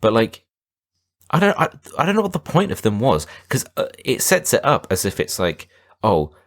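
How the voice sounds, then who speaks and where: A man with a low, deep voice co-hosts a casual podcast, recapping a film in a rambling way. His delivery swings widely up and down as he talks, full of animated inflection. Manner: rambling recap with quick silly put-on voices. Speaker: podcast co-host. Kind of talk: casual film-review banter.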